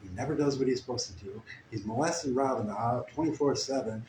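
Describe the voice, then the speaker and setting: A man telling a crude, meandering comic story with deadpan asides. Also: mid-range voice, a little fast. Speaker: comedic storyteller. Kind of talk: rambling improvised comic story. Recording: echoey room with faint ambient noise. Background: guitar playing.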